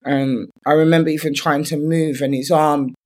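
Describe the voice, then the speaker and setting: A woman's voice: deep voice, steady tone, moderate pace, darkish tone. A woman, a guest in an interview, candidly retelling her own story in loose speech full of "like" fillers.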